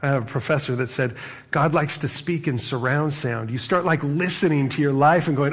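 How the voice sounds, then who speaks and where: A middle-aged man preaching as a pastor, talking in a conversational, animated way with frequent asides. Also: fairly high pitch, moderate pace, breathy edge. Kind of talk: sermon.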